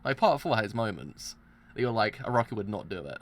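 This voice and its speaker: A man streaming live reaction commentary, excitable, groaning and repeating himself as he talks. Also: on the low side, brisk.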